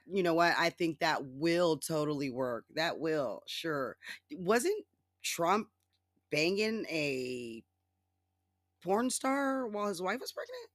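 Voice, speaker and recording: A podcast host in a loose, sarcastic solo rant, cursing freely and laughing at their own jokes. The voice sits in a middle register and swoops high when mimicking others. The sound is close and dry, with no room around it. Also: big pitch swings, takes it slowly, a bit bright, no echo. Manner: sarcastic, profane and mocking. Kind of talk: casual solo political rant.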